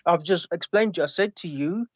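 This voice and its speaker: A man calling into a live online debate, hesitant and restarting often, asking the other side to slow down. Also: sits high, dry recording, muffled recording. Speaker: caller in a debate.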